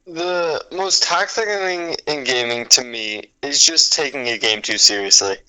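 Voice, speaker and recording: Bright-voiced, laid-back young man. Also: medium pitch, unhurried, clean tone, poor audio. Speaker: podcast co-host. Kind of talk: casual gaming podcast chat.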